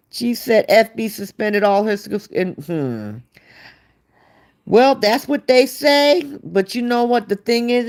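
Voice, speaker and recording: A woman's voice: mid-range voice, darkish tone. A woman hosting a live stream, gossiping and answering chat comments in a casual, opinionated way. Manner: slow, gossipy, talks back to chat readers. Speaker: livestream host.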